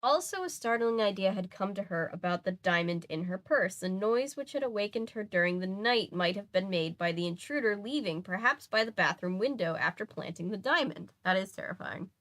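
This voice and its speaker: With a medium-pitched, slightly bright voice, this young woman reads briskly and animatedly, barely pausing. She's streaming herself reading a mystery novel in a casual way, adding conversational asides and catching her own mistakes.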